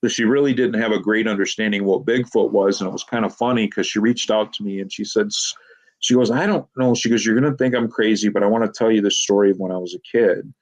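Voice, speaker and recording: A man's voice: on the low side, steady tone, fast talker. A man being interviewed as a Bigfoot investigator, telling long rambling anecdotes and quoting people with "she goes.". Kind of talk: casual storytelling interview.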